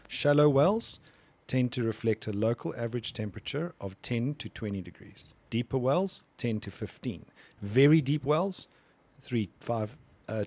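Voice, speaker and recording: A man co-hosting a casual podcast, chiming in briefly and reading information aloud with halting restarts. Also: mid-range voice, a little mellow. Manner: reads search results aloud with halting restarts. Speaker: podcast co-host. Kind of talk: casual chat.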